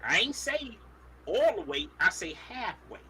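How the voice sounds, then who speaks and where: A man's voice: high-pitched, very animated, unhurried, pushed and bright, a little hiss or hum. A man co-hosting a casual radio talk show, breaking his points down in a preachy way.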